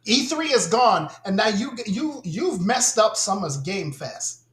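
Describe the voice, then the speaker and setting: A man's voice: high-pitched, big pitch swings, unhurried, fairly bright tone, reverberant. A man co-hosting a gaming podcast, ranting bluntly and with a lot of swearing in casual chat. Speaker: podcast co-host.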